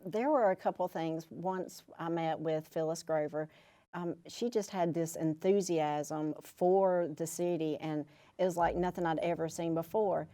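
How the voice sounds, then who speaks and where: A woman's voice: low voice, steady tone, measured pace, dark tone. A woman from the Carolinas with a light Southern accent, telling her story enthusiastically as an interview guest. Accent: Southern American.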